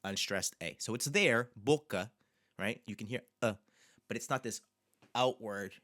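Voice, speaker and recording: A man teaching a bilingual pronunciation lesson, repeating example words slowly and with emphasis. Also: lowish voice, sharp tone. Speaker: language teacher.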